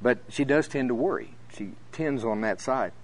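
A middle-aged man's sermon comes through at medium pitch and a moderate pace, with a little hiss or hum in the recording. Before the congregation, he tells stories with animation, acts out the voices of the people in them, and laughs often.

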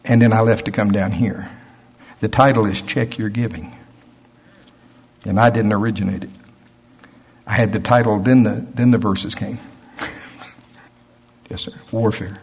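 A man's voice: fairly low pitch, steady tone, measured pace, pauses often, husky. An older man preaching a sermon, telling stories in a folksy way and acting out the voices of others.

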